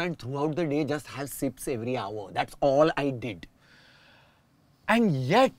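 Guy musing out loud in a chat, bit high-pitched, dry close sound. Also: no room sound. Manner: reflective, explains at length with restarts. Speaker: guest. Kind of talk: casual conversation.

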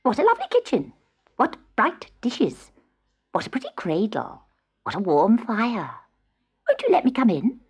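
A woman voicing a cheeky, mischievous male hobgoblin in a high, sing-song, wheedling voice, reading a storybook. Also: huge pitch swings, moderate pace, pauses often, breathy edge, exaggerated voice. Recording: dull old cassette tape.

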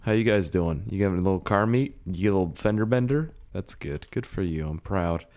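A young man commentating his gameplay, rambling and swearing, with sudden yelling bursts and a voice hoarse from screaming. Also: deep voice, fairly quick. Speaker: gaming YouTuber. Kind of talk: casual let's-play commentary.

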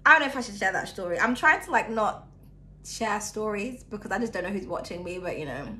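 Chatty bright-voiced woman. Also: mid-range voice, lively intonation, fast, a little hiss or hum. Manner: chatty, laughs often, swings between loud and hushed. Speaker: tarot reader. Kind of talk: casual tarot reading.

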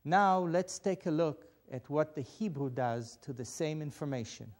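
A man teaching a Biblical Hebrew lesson, patient and deliberate, spelling out each step. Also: a little high, lively intonation, a little mellow. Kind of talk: slow instructional lesson.

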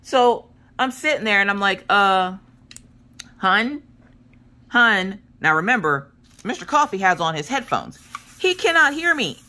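A woman's voice: medium pitch, moderate pace. A woman in her thirties telling a long story in a casual, chatty way as a craft vlogger. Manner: animated, chatty, acts out voices of others in her stories.

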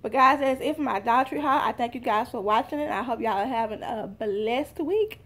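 Chatty high-voiced young woman vlogger. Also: brisk, a bit bright. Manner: chatty, talks straight to viewers. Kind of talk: casual haul vlog.

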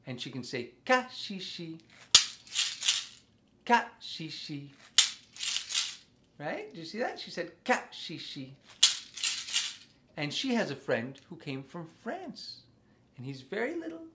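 A man hosting a children's music lesson, speaking slowly and simply to small children and asking them questions. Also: a little high, wildly swooping pitch. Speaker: children's music teacher and host. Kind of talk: children's sing-along lesson. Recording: loud background noise.

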